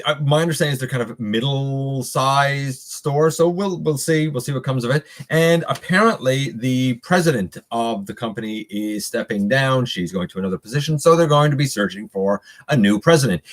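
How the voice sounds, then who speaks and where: A middle-aged man hosting a casual live stream, chatting loosely with viewers and reading their comments, with many fillers and restarts. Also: medium pitch.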